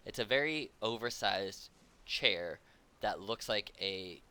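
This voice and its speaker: A man's voice: on the low side, lively intonation, slow, bright, forceful tone, clean tone. A man narrating a tabletop role-playing game as game master, in loose, casual talk full of fillers.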